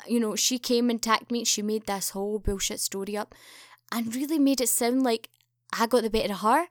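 In a studio-quality recording free of echo, a young woman guesting on a podcast tells a story fairly quickly in casual chat. She acts out the dialogue with animation, pitching her voice up for the quotes.

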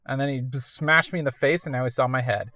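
A woman's voice: rumbling low, steady tone, fast talker, a bit bright. A woman casually commenting while playing a video game, chatty and self-amused. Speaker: let's-play gamer.

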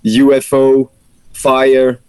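Relaxed French-accented male musician. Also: medium pitch, very slow, smooth, no room sound, poor audio. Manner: relaxed, thoughtful, hesitant with fillers. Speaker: musician guest. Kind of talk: casual interview chat. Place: outdoors in his backyard.

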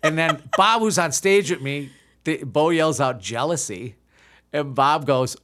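A man's voice: on the high side, expressive, unhurried, fairly bright tone. A man in his fifties, an improv comedian telling a self-deprecating story in casual chat, with frequent restarts. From United States. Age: 50s. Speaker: podcast guest, improv comedian.

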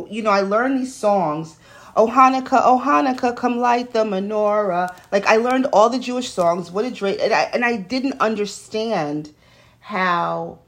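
Woman from New York City, podcast host, casual solo storytelling, chatty, digressive, home studio. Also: fairly low pitch.

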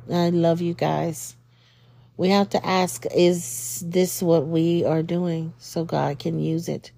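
Slow gravelly woman giving devotional talk. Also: fairly low pitch, little pitch movement, dark tone, no echo. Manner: affectionate, preacherly, with frequent fillers. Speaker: podcast host.

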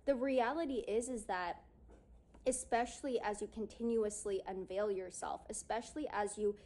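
A woman speaks straight to her audience in a loose, chatty way, full of "like" and little asides. She acts out the lines she and other people said back then. Her voice sits at an ordinary middle pitch. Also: moderate pace, a little mellow. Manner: casual, lots of "like", acts out her own past lines. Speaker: speaker on confidence and yoga. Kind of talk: personal storytelling talk.

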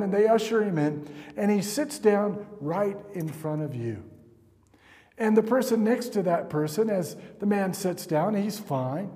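A man's voice: a little high, warm tone. A man preaching a sermon and leading a fervent closing prayer. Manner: earnest, builds to fervent prayer. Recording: long hall reverb.

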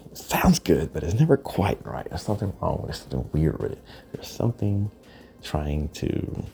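A man with an extremely deep, gravelly voice and a dark, mellow tone, rambling through a profane monologue. He often sinks into hushed, breathy asides. Faint music sits underneath. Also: very animated, moderate pace. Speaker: podcast host.

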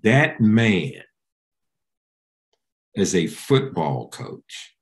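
A man's voice: very animated, measured pace. A man, a pastor, answering interview questions in an emphatic, preacherly way. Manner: emphatic, preacherly, with wide pitch swings.

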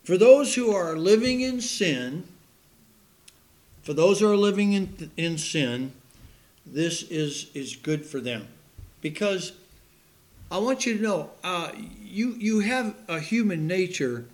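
A man's voice: high-pitched, lively intonation, takes it slowly. A man preaching a sermon in a folksy, joking way, laughing at his own puns and stories.

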